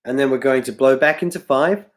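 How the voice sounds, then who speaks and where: On a livestream harmonica tutorial, a tired man who is losing his voice speaks at a medium pitch and fairly quick pace. He rambles, corrects himself often, and sounds apologetic, with harmonica playing in the background.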